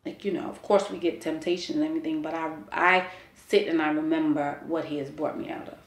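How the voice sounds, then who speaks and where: Low-voiced woman telling her story. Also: steady tone, a little fast, reverberant. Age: 40s. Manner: candid, earnest, many fillers like "you know" and "like". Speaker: interviewee sharing a personal testimony. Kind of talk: emotional personal storytelling.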